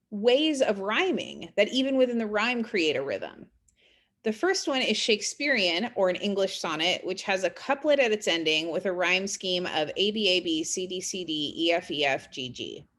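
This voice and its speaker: A woman teaching a college English class in a recorded lecture. She explains literary terms conversationally, with fillers and check-in questions, and reads poems aloud slowly. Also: medium pitch, expressive.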